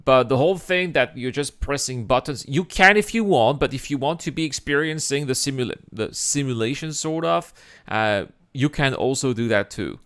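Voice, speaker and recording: A man's voice: medium pitch, moderate pace, a bit bright, smooth. A man streaming his reaction to a video, laughing often and arguing back at what he hears. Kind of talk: casual reaction commentary.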